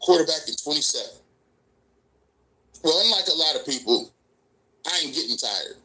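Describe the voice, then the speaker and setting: Man, very bright voice, emphatic sports talk, repeats for stress, a bit high. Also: expressive, moderate pace, rough recording. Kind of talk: sports talk show debate.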